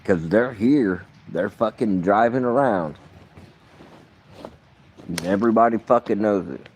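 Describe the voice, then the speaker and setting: Brief: low-pitched man, profane rambling vlogger, muttering then flaring up. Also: a little slow, darkish tone, slight background noise. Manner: profane, rambling, swings between muttering and outbursts. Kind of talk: rambling vlog monologue.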